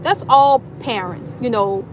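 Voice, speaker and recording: A middle-aged woman from New Orleans with a New Orleans accent, chatting loudly and animatedly with viewers on her livestream. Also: a little high, a little slow, a little hiss or hum. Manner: loud, animated Southern talk with lively swings. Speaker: livestream host. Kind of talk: casual chat reading viewer comments.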